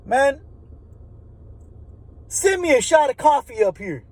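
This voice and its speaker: A man playing a taunting, high-pitched prison inmate. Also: big pitch swings, slow pace, a little mellow, full character voice. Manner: taunting, profane. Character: menacing male prison inmate yelling threats.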